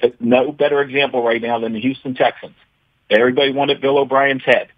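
A man's voice: medium pitch, steady tone, fairly quick, no echo, muffled recording. A man calling in as the show's regular guest analyst, talking emphatically and stumbling over repeated words as he starts his points. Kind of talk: phone-in sports analysis.

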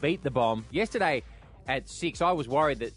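A man's voice: medium pitch, expressive, moderate pace, soft background music. A man hosting breakfast radio, bantering, laughing and protesting when teased. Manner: teasing, laughing, defensive. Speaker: radio host.

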